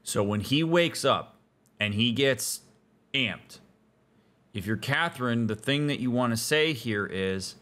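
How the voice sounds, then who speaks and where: Blunt, emphatic therapist gamer. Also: male voice, medium pitch, expressive, a little slow, bright, forceful tone. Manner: emphatic, blunt advice-giving. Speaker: therapist and gaming host. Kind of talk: casual let's-play commentary.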